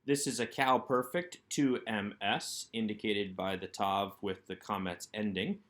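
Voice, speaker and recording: A man with a fairly low voice leads a recorded workbook lesson. He works through each item step by step, first posing a question and then answering it himself. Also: steady tone, a little slow, a bit bright. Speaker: Hebrew instructor.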